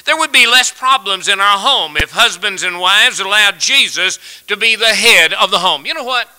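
Man preaching, high bright voice, folksy and earnest, tells a funny story. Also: expressive, normal speed, clear, resonant tone, rough recording. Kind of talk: sermon.

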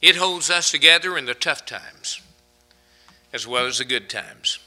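A man preaching a sermon, swinging between loud emphatic peaks and hushed low phrases, and slowing down to draw out quoted scripture. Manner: quotes scripture in slow, drawn-out delivery.

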